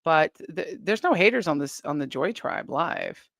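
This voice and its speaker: Gravelly-voiced woman chatting on a live stream. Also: sits low, lively intonation, normal speed, dry recording, clean studio sound. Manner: chatty, giggly, rambling. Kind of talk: casual live chat reading viewer comments.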